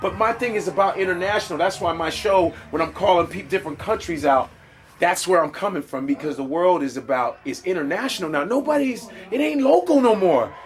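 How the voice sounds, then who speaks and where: A man, a stand-up comedian being interviewed, telling stories in an animated, profane style with street slang. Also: sits high, fairly quick. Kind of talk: casual interview storytelling.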